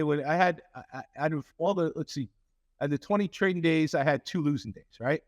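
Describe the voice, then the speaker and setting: A man's voice: on the high side, a little fast, no room sound, studio quality. A man, a company CEO, telling a story in an interview with many fillers and restarts, acting out quoted lines.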